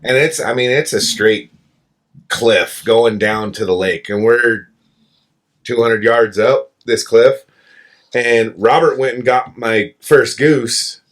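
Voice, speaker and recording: A man in casual podcast chat, telling a long hunting anecdote with profane, self-mocking humor, slowing some phrases and rushing the punchlines. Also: medium pitch.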